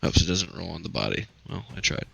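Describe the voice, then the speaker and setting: A man's voice: deep voice, big pitch swings, quick pace, creaky, a bit bright. A man playing in a casual tabletop game, thinking aloud about his moves and correcting himself as he goes. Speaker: player.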